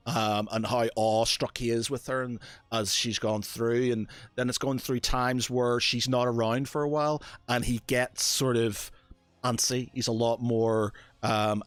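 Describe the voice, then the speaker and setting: A man narrating as game master, halting and restarting often as he describes a scene. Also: medium pitch, level tone, no room sound. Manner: halting, full of fillers and restarts.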